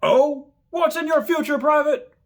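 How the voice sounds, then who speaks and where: A man voicing a harsh male drill sergeant with high-pitched barking yells. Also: measured pace. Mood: mocking.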